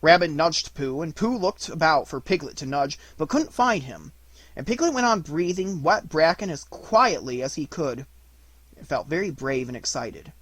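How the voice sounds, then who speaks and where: A man reading a children's storybook aloud in an expressive narrating voice. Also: fairly high pitch, moderate pace, no echo. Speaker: audiobook reader.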